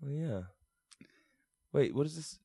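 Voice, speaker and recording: A man's voice: a little high, measured pace, vocal fry, dark tone, breathy edge, dry recording, clean studio sound. A British man co-hosting a comedic radio show, playful and giggly, with theatrical introductions. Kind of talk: casual comedic chat.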